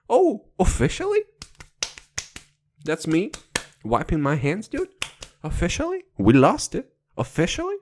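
Pressed close to the microphone, a young non-native English speaker hosts a crude, comedic podcast, rambling playfully, cursing nonstop, and laughing often at his own jokes. His voice is high with wildly swooping pitch, slow with long pauses, a little mellow, and there's slight background noise.

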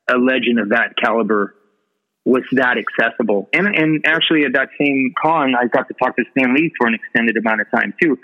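A man telling a story as a podcast guest, rambling with lots of fillers and swearing freely. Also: medium pitch. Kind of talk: casual storytelling. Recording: tinny phone-line audio.

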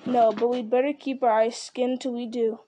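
A blunt, stubborn and loyal male servant, as a woman reads him, homely and protective with a gruff edge. His voice comes in a touch lower and softer than the narration, mellow and warm in tone. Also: flat delivery, normal speed, slight background noise, natural voice. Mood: earnest. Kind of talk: audiobook reading.

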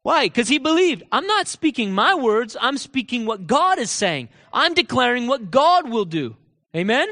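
A high-voiced man delivers a sermon in a sing-song manner at a moderate pace, hammering his points and posing rhetorical questions. Occasionally he sinks to a hushed, low aside. A big church hall lends his voice a long echo.

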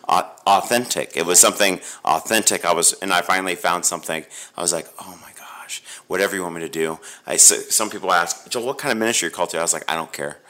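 Bright-voiced deep-pitched man telling a story. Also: quick pace, few pauses. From Ohio. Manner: animated, rambling storyteller with many restarts. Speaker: pastor and guest. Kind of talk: telling a personal faith story.

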